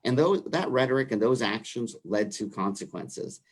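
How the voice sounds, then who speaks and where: A man's voice: medium pitch, expressive, normal speed. A man with a New York accent, speaking earnestly as a human rights commission director in a livestream discussion.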